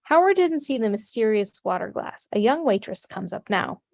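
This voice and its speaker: A woman narrating the stage directions of a script in a steady, matter-of-fact way. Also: on the high side, normal speed, creaky.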